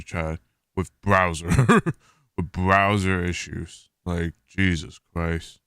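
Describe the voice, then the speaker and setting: Male streamer, low-ish bright voice, dry close mic, exasperated rambling chat to viewers. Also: steady tone, very slow, clean tone, no room sound. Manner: rambling, restarting sentences, exasperated about tech issues. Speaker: streamer hosting a watch party. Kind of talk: casual live-stream chat.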